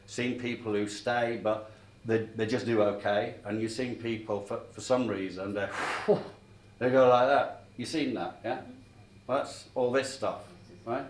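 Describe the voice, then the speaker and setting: A man's voice: medium pitch, steady tone, unhurried, slight background noise. Chatty man training a room. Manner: chatty, checks in with the room often. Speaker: sales trainer. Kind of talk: storytelling sales training talk. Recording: echoey room, mic at a distance.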